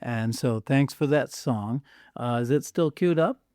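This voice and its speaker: A man's voice: mid-range voice, a little slow, a little mellow, no echo. A man hosting a podcast, sincere and close to tears as he talks. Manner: emotional, sincere, near tears. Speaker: podcast host. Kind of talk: casual podcast chat.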